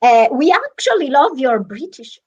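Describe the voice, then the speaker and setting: A woman's voice: high-pitched, big pitch swings, normal speed, lo-fi sound. A woman with an Italian accent, Italian her first language, co-hosting a video-call interview with eager, effusive introductions. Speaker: co-host. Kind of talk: casual interview chat.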